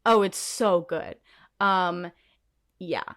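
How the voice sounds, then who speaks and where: A woman co-hosting a podcast in casual chat, animated and ranty, swearing and laughing often. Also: fairly low pitch, extremely slow. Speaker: podcast co-host.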